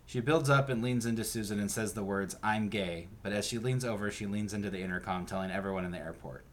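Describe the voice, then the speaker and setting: A male podcast host recapping a TV episode in a steady narrating manner and chatting casually. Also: on the low side, fast talker.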